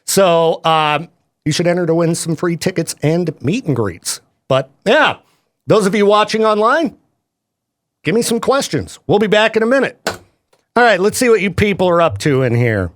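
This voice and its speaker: A male radio DJ with a high, bouncy voice that swoops up and down as he jokes with his co-host. He talks casually into a studio microphone and laughs often. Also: expressive. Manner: jokey, chatty, quick laughs.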